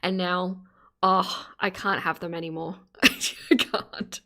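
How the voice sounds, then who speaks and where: A woman's voice: on the low side, level tone, takes it slowly, sharp tone. Laughing Australian woman streamer. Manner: laughs often, chatty and teasing. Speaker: streamer reacting to videos. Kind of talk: casual live-stream commentary.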